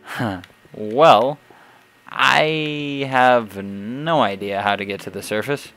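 A man hosting a gameplay video, talking casually and deadpan with a chuckle as he plays. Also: medium pitch, takes it slowly, faint music behind. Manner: laid-back, deadpan, chuckling. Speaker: gaming channel host.

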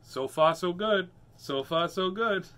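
A man's voice: high voice, slow pace, sharp tone, a little hiss or hum, pitched above the performer's own voice, exaggerated voice. A man reading a storybook aloud and giving the inner voice of a dog who rides a couch. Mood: easygoing. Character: easygoing male dog riding a couch.

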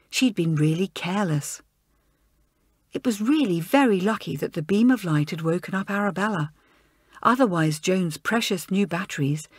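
Expressive woman audiobook narrator. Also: medium pitch, husky, dry recording, studio quality. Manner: expressive storytelling. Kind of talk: scripted narration.

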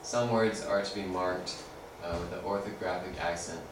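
A male student reading a passage aloud in class, halting over words. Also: low voice, steady tone, noisy background. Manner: reads haltingly. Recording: very echoey room, mic far off.

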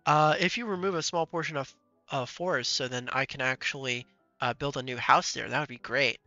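Bright-voiced playful gaming streamer man. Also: medium pitch, fairly quick, no echo, lo-fi sound, soft background music. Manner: playful, laughs often while talking to game characters. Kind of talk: casual gameplay commentary.

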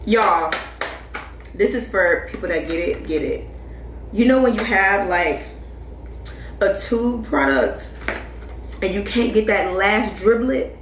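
A young woman from Flint, Michigan chatting casually to her viewers as she unboxes things, animated and calling them y'all. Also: mid-range voice, recorded from a distance, slight background noise. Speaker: lifestyle vlogger. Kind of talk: casual vlog chat. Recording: echoey room, voice a bit off-mic.

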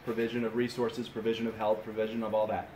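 A man in his thirties preaching a sermon at a camp, telling stories in an animated way and often restarting his sentences. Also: fairly low pitch, fast talker. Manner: animated storytelling with frequent restarts. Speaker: pastor. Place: camp meeting room. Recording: roomy echo with faint hiss.

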